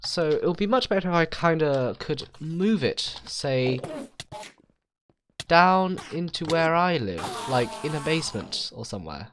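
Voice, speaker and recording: A man's voice: a little high, big pitch swings, measured pace, a bit bright, a little hiss or hum. A man rambling through casual game commentary, self-mocking and swearing freely. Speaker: gaming video host.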